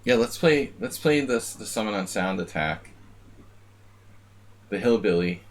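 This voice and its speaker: A man's voice: lowish voice, lively intonation, unhurried. A man live-streaming blitz chess, chatting casually with viewers and rambling jokingly between moves. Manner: rambling, joking, talks to chat.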